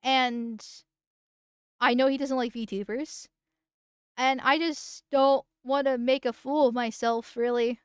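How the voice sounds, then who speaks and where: A woman's voice: high-pitched, steady tone, takes it slowly, clear, resonant tone, dry recording, studio quality. A woman streamer chatting casually on a live stream while reacting to a video, rambling, giggling and swearing freely. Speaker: VTuber streamer.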